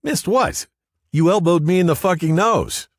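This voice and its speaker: A man voicing a brash, profane male detective in an audiobook, loud and high above his own voice. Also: moderate pace, husky, dry recording, studio quality. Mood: indignant.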